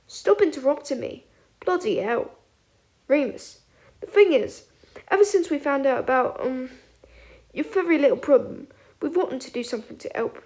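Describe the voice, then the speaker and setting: A woman voicing a calm, measured teenage schoolboy who steadies his friends. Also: high voice, voice pushed up. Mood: earnest. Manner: measured, tempering.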